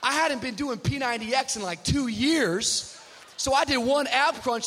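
A man preaching a sermon, telling a funny personal story and acting out the voices with shouts. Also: very high-pitched, moderate pace. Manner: animated storyteller, acts out shouted quotes. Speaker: pastor.

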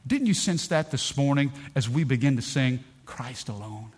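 A middle-aged man preaching a sermon in a church. He tells stories with energy, swings between loud bursts and hushed lines, and calls out to the congregation. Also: mid-range voice, lively intonation, normal speed, few pauses, slightly rough. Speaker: pastor.

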